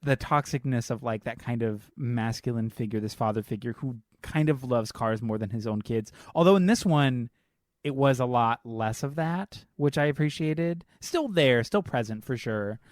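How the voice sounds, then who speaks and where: A man's voice: mid-range voice, animated, moderate pace, dry recording, clean studio sound. A man co-hosting a podcast in casual chat, with a chatty, loose delivery full of "like". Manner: chatty, heavy use of "like". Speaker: podcast co-host.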